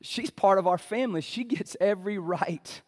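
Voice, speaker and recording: Male pastor, high voice, dynamic sermon delivery with congregation call-outs. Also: normal speed. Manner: preaching with big swings from loud pleading to hushed; calls for "amen" from the congregation.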